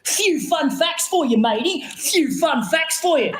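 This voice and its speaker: A man's voice: very high-pitched, expressive, a little slow, fairly bright tone, reverberant, a little hiss or hum, pitched above the performer's own voice, full character voice. A comedian putting on a big, blunt Australian man who lists facts in a needling, passive-aggressive way. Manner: matter-of-fact, needling.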